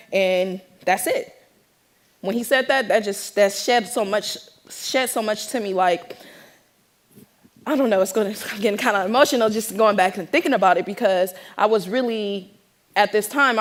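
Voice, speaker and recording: A young woman from the Bay Area telling an audience her own story in a lively, animated way, acting out the voices of the people in it. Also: mid-range voice. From San Francisco Bay Area. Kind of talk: personal storytelling talk to an audience.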